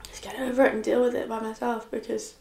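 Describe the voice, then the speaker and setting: A young woman speaks quietly into the camera in a confessional vlog, her voice tearful and halting, full of restarts. Her tone is slightly high but flat, with a gravelly fry at the ends of phrases. The room around her is echoey. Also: slight background noise. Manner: halting, many restarts and soft trailing phrases. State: tearful, upset. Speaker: vlogger.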